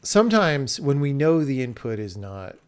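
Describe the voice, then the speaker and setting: A man's voice: mid-range voice, big pitch swings, normal speed, clear, resonant tone. A man streaming himself programming, thinking aloud in a casual way and swearing freely as he works. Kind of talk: thinking aloud while coding.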